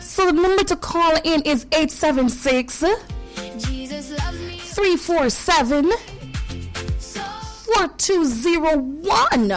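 A woman's voice: high-pitched, lively intonation, slow pace, pauses often, over music, poor audio. A woman hosting a children's call-in radio show, playful and laughing often as she greets listeners by name. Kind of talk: lively call-in radio chat for kids.

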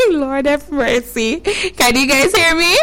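A woman's voice: high-pitched, very animated, pushed and bright, low-quality recording. A woman hosting a call-in with children, leading them through tongue twisters in a playful, encouraging way. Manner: playful, encouraging, drawn-out coaching.

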